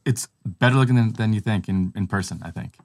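A man's voice: lowish voice, a little fast, darkish tone. A man co-hosting a casual talk show, chatting loosely with fillers and restarts. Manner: conversational, many fillers and restarts. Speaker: podcast co-host. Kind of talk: casual chat.

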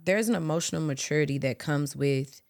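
Woman podcast host, low voice, expressive chatty delivery. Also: fairly quick. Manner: expressive, animated, swears casually. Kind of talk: casual chat.

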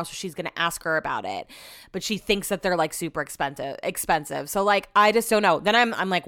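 A woman's voice: on the high side, fairly bright tone. A young woman hosting her podcast, casually telling a long story, chatty and swearing often. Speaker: podcast host.

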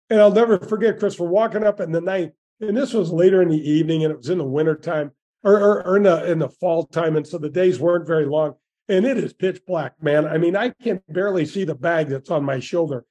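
Man, 60s, raised pitch, husky tone, folksy enthusiastic storyteller. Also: a little fast, dark tone. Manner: folksy and enthusiastic, many restarts. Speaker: guest, former tour golfer. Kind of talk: storytelling interview.

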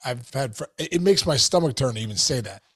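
A man's voice: mid-range voice, animated, fast, husky. A man co-hosting a podcast in casual, enthusiastic chat, full of dude and bro. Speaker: podcast co-host.

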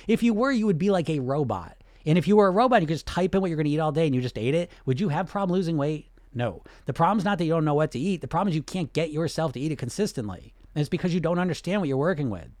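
A middle-aged man coaching on weight loss and answering questions, blunt and animated, firing off rhetorical questions. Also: on the high side, fast talker, no room sound, clean studio sound.

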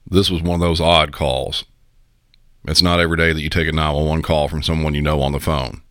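A man hosting a podcast, giving measured, explanatory commentary on a 911 call. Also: extremely low pitch, level tone, a bit bright, no echo, clean studio sound. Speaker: podcast host and 911 dispatcher. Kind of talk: conversational commentary.

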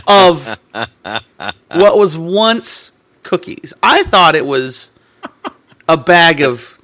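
A man's voice: a little high, drawn-out words, no echo. A man in casual chat, telling a funny story with lots of laughter. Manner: animated storyteller who laughs often.

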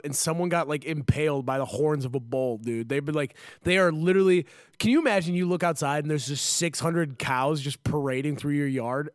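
Young male co-host, loose rambler, slightly high voice, dry close mic. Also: clean tone, no room sound. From Midwest US. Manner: rambling, laughs a lot, says dude constantly. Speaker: podcast co-host. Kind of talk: casual banter.

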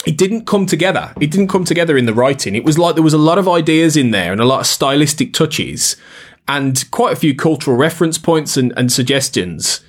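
A man co-hosting a podcast, talking casually about an episode, often hesitating and repeating words as he searches for them. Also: medium pitch. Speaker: podcast co-host. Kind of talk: casual critical discussion.

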